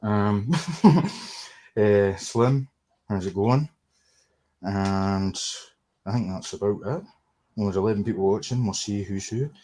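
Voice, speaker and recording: A man's voice: on the low side, slow pace, pauses often, warm tone. A Scottish man hosting a casual livestream, ranting sarcastically and swearing freely. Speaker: livestream host.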